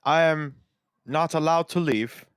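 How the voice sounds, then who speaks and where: A sad, robotic customer-service drone, put on by a man. It plods slowly and flatly, a bit raised in pitch and volume. The effect is a weary co-host begging for help. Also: clean tone, no echo, clean studio sound. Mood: mock despair. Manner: flat, plodding, mock-pleading.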